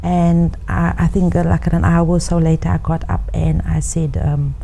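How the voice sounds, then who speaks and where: A middle-aged woman in an interview, recalling her experience in a reflective, measured way with some fillers. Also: on the low side, level tone, vocal fry, warm tone, poor audio. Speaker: interviewee and author. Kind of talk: interview testimony.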